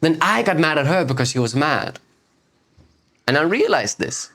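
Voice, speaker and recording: A man hosting a spiritual video series, giving an unhurried reflective talk that repeats phrases and asks rhetorical questions. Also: fairly high pitch, very animated, a bit bright.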